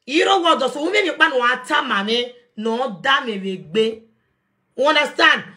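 A woman's voice: high voice, expressive, moderate pace, pushed and bright. A young adult woman with a Nigerian accent, ranting defiantly on a live stream from her phone, confronting someone and raising her voice at times. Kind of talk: heated live rant.

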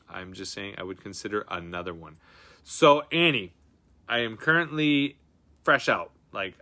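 A male host of a card-breaking stream chats casually in a voice on the low side, with a bright, forward tone. He's excitable and slangy, constantly saying dude and bro, and swings from loud outbursts to breathy, hushed mutters.

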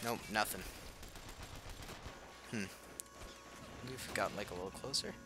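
A man's voice: lowish voice, a little slow. A young man casually commenting as he plays a war strategy game, reacting aloud and laughing at himself. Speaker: gaming channel host. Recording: faint game noise behind.

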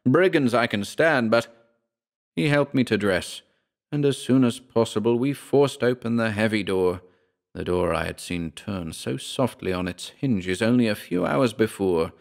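A man narrating a horror story as an audiobook, slow and dramatic, dropping to a hush in the darkest passages. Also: fairly low pitch, vocal fry.

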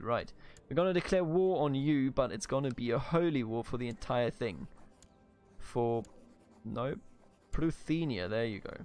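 A man's voice: mid-range voice, a little mellow. A man from Bavaria with a German accent, casually commenting on a strategy game he plays, swearing, laughing and talking to the game's characters. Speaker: let's play host.

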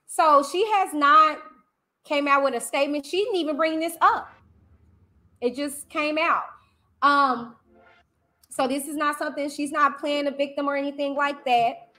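A woman YouTuber hosting a livestream commentary, talking in an animated, emphatic way and repeating phrases. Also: high voice, moderate pace, long pauses. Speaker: YouTuber host.

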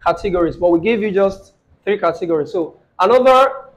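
Brief: male tutor with a high voice, patient, checks in often, repeats each phrase slowly. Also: lively intonation, rough recording. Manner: asks the student questions and repeats phrases slowly. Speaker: Arabic grammar teacher. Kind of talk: live online lesson with a student.

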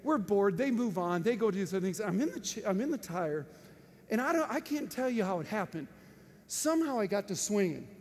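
High-voiced animated male preacher. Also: brisk. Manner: animated, laughing storyteller with sudden loud outbursts. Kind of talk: storytelling sermon. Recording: faint noise and long hall reverb.

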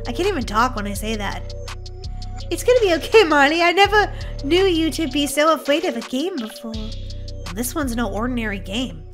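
A woman hosting a playful gameplay commentary, giggly and excitable, shrieking when startled. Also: high-pitched, moderate pace, soft background music. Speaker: gaming channel host.

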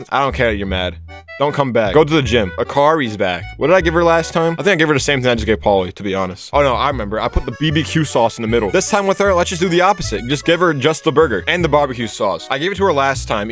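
A young man giving casual, joking commentary while playing a cooking game and trash-talking its customers. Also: mid-range voice. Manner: joking, trash-talks the customers, excitable outbursts. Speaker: gaming YouTuber.

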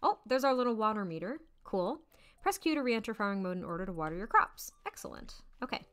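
A woman's voice: mid-range voice, big pitch swings, quick pace, fairly bright tone, smooth. A bubbly young woman giving let's-play commentary with frequent giggles. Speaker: gaming YouTuber.

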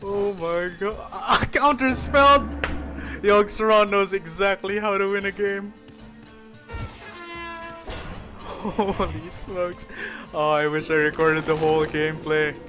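A high-pitched young man narrates his own card game live, veering from hushed worry to shouted triumph and laughing often. He talks in a slow, drawn-out way between outbursts. Loud game music plays under his voice throughout. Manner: shouts and laughs in wild swings of excitement. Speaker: gaming video host. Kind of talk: excited live gameplay commentary. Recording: game music playing behind.

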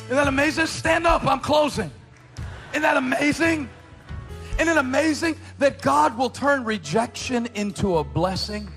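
Man shouting a sermon, very high. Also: normal speed, low-quality recording. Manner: shouting, impassioned preaching. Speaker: pastor. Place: church. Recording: worship music behind the voice.

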